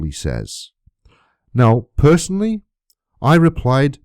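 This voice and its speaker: A man's voice: on the low side, animated, moderate pace, warm tone, no room sound, studio quality. A man delivering an indignant, emphatic monologue to camera, full of rhetorical questions. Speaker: YouTube creator.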